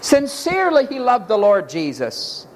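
A male preacher delivers a sermon with dramatic energy. His pitch swings widely from low to high, and he acts out each scene as he goes. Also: wildly swooping pitch, a little slow.

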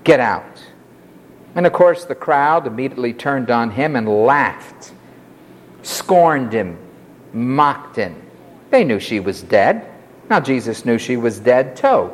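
A man's voice: mid-range voice, big pitch swings, slow pace. A man preaching an expository sermon, telling the story expressively and acting out the quotes.

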